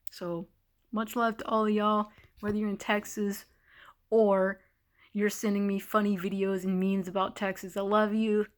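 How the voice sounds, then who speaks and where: A young woman talking candidly in a casual vlog, exasperated and laughing between heavy sighs. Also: lowish voice. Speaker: vlogger. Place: temporary hotel stay during a winter storm.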